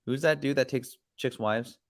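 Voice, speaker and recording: A man's voice: medium pitch, normal speed. A man hosting a podcast, chatting casually in a rambling, slangy way. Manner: rambling, laid-back, slangy. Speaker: podcast host. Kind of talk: casual chat.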